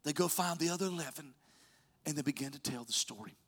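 A man preaching a sermon as pastor, telling stories and swinging from loud urging to soft near-whispers. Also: a little high, fast, husky.

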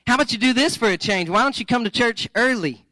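High, bright-voiced preacher, lively and joking. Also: male voice, fast talker, no echo, rough recording. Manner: lively, joking, conversational, coaxing the congregation. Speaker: pastor. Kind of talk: sermon.

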